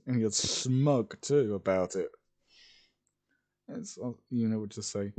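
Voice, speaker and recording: A man's voice: medium pitch, animated, unhurried, mellow. A man casually narrating a fan fiction story in a rambling, repetitive way. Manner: rambling, repeats "as ... would just".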